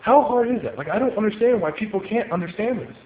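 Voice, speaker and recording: A man's voice: high-pitched, lively intonation, quick pace. A man ranting angrily at home, pacing as he talks and swearing often. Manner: heated, profane, paces while talking. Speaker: card game player venting on video. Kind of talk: angry ranting monologue. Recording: tinny phone-like audio with room echo and faint hiss.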